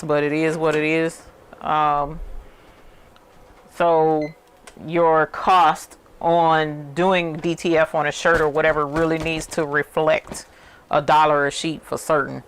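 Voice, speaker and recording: A woman with a deep voice chats casually with her viewers while she works, telling rambling stories on her channel. There is slight background noise.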